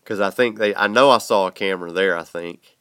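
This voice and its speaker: A man with a Southern US accent hosts a podcast in relaxed, chatty fashion. His voice is smooth and clear even with a stuffy, congested nose. He drawls along easily, often chuckling. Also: fairly low pitch, fairly quick. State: congested from a sinus infection. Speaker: podcast host. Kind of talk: casual chat.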